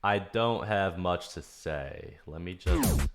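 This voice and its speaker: A man's voice: sits low, expressive, slow pace, very noisy. A man hosting a livestream, chatting casually while giving feedback on music demos. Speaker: streamer giving demo feedback.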